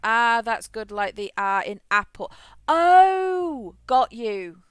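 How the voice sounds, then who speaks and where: Woman streamer rambling and laughing at herself, smooth voice, dry close mic. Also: fairly high pitch, sing-song, slow pace, no echo. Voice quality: had a childhood stutter, frequent restarts. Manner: chatty, self-deprecating, laughs often. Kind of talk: casual gaming chat.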